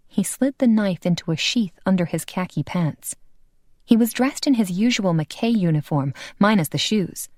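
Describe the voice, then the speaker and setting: A woman reading an audiobook in scripted narration. Her pitch swings widely as she tells the story, and the sound is dry and close. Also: normal speed, no echo. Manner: lively, expressive reading.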